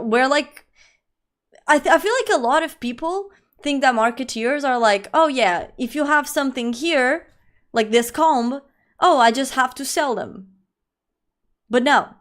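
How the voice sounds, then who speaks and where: A young woman chats casually with her stream viewers, rambling and restarting her sentences. Her voice sits a little high, and her talk is loose and full of fillers. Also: a bit bright. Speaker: livestreamer.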